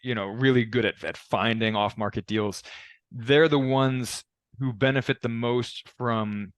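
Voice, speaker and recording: A male podcast host with a middle-pitched voice talks in a measured, explanatory way. He often pauses on casual fillers. The sound is dry and close to the mic. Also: steady tone, no room sound. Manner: measured, explanatory, with frequent "you know" fillers. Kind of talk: conversational interview.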